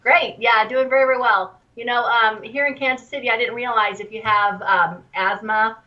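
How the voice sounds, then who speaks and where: A woman joins a live show by phone as a guest trader. Her voice comes through dull and distant, as if she is set back from the microphone. She explains her points in a measured, thoughtful way with frequent ums. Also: fairly high pitch, fairly even intonation. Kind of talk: phone-in interview.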